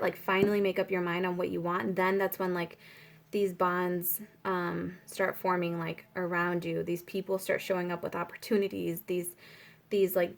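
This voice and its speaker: A woman's voice: lowish voice, vocal fry. Rambling young woman reading tarot. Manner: rambling, filler-heavy, breaks off to pray aloud. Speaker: tarot reader. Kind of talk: casual spiritual tarot reading.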